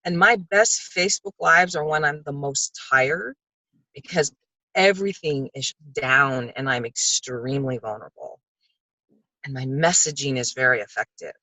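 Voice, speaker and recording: An older woman talking on a video call, sharing a personal story in a heartfelt, animated way. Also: a bass voice, normal speed, no room sound, rough recording. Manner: heartfelt, animated storytelling, acts out quoted voices. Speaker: book club participant.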